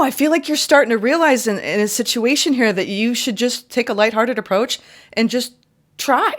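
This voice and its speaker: A woman giving a casual, chatty tarot reading, exclaiming often and acting out little quoted exchanges. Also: a little fast. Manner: chatty, exclaiming, acts out quotes in high voices. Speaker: tarot reader.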